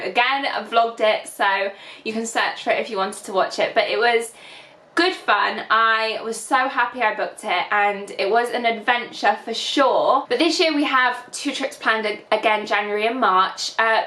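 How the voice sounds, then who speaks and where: A woman's voice: medium pitch, bright, forceful tone, echoey room. A woman in her twenties with a Northern English accent, chatting casually to camera as a vlogger, full of fillers and at times close to tears. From England. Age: 20s. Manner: chatty, many fillers, emotional and teary at times. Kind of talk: casual reflective vlog chat.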